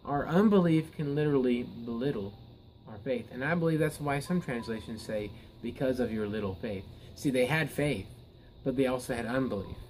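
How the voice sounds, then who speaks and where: A man's voice: medium pitch, moderate pace, a little mellow, slight background noise, poor audio. Earnest preacher man, emphatic bursts. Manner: earnest, repeats words and restarts, rises to emphatic peaks. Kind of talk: Bible teaching sermon.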